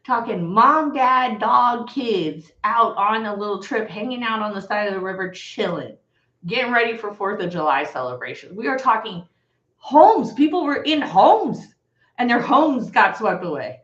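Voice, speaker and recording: A woman's voice: mid-range voice, animated, moderate pace, pushed and bright. Lady going off on a livestream, blunt, swearing, voice all over the place, echoey and a bit muffled. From Texas. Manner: fired-up, blunt, swears and addresses viewers as y'all. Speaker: livestream host. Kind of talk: heated livestream rant. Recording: echoey room, slightly dull sound.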